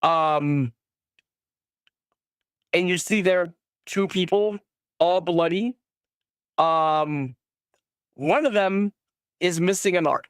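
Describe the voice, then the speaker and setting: A game master narrating a tabletop game in a casual, halting way, with many fillers and quick voices for each character. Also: medium pitch, clean tone, no room sound, studio quality.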